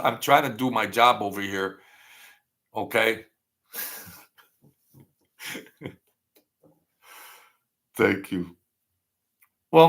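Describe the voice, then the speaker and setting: A man's voice: medium pitch, a bit bright. A man hosting a casual livestream, rambling and thanking viewers by name as he reads their comments. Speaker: channel host.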